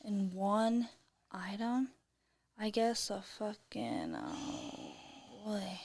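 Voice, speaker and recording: A woman's voice: medium pitch, very slow, creaky, breathy edge, no room sound. Laid-back woman podcast co-host, dry sound. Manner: laid-back, swearing, deadpan. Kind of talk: casual chat.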